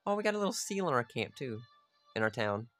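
A man thinks aloud while he plays a strategy game, in a mid-pitched voice that sits in the middle of the usual range. He chats casually, swears freely and talks straight to his units. Faint game music plays underneath. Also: big pitch swings, quick pace, a bit bright. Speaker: gamer playing a strategy game. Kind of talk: casual gameplay commentary.

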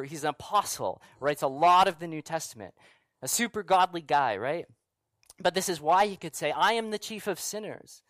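Pastor, man, middle-aged, chatty sermon delivery with rhetorical questions, slightly high voice, dry close sound. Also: dry recording. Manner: conversational preaching with frequent rhetorical questions and asides.

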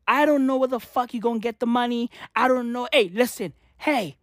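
Speaking at normal speed with hardly a pause, this South African woman in her twenties vents a profane, fed-up monologue to camera as a vlogger, repeating her questions. Her voice is fairly high and bright, in studio quality with no echo.

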